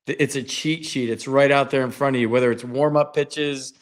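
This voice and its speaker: A man in his fifties hosting a casual sports podcast, an animated storyteller who acts out the people he quotes. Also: mid-range voice, a little fast. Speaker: podcast host, former player.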